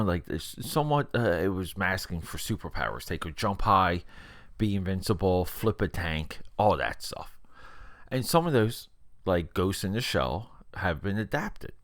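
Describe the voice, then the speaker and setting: A man's voice: low voice, fairly bright tone, no echo, clean studio sound. A man hosting a podcast, reviewing a film in a casual, rambling way and often repeating words.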